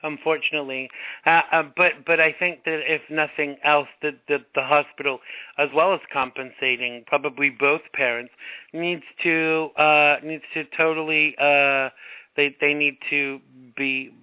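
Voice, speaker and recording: A man's voice: fairly high pitch, steady tone, normal speed, clean tone, no room sound. A male radio host chatting casually and jokily, often restarting his sentences, heard over a tinny phone line. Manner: hesitant, lots of restarts, jokey. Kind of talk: casual talk-radio chat.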